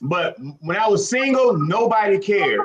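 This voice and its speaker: A man in his forties from Chicago hosts a casual live chat. His voice sits notably high for a man, and he talks in an animated, preachy way, handing out advice to his guests. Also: unhurried, muffled recording. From Chicago, USA. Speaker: host.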